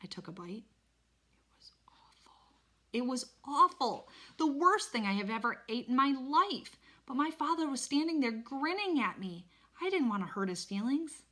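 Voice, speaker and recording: A woman reading a children's novel aloud in an expressive, animated storytelling manner. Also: sits high, normal speed, few pauses. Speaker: reader.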